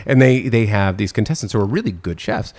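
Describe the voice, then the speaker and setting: A middle-aged man, a food critic and TV judge, telling stories in a casual interview, rambling and animated with lots of fillers. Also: on the low side, brisk. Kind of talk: casual storytelling in a podcast interview.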